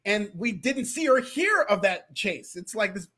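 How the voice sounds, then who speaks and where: A man's voice: sits high, unhurried. A man co-hosting a podcast, chatting animatedly and joking. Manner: animated, joking, laughs often. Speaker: podcast co-host. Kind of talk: casual wrestling chat.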